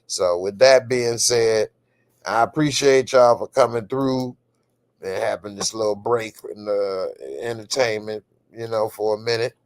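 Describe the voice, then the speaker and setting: An American man hosting a late-night live stream, chatting with viewers in a relaxed, drawling way and laughing often. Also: fairly low pitch, unhurried. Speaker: streamer host.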